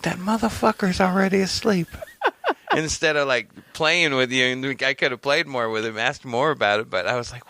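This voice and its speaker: A man co-hosting a podcast, telling stories in a lively way and swearing freely. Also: mid-range voice, normal speed, dry recording. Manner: animated storyteller, swears freely, acts out voices. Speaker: podcast co-host. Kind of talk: casual chat.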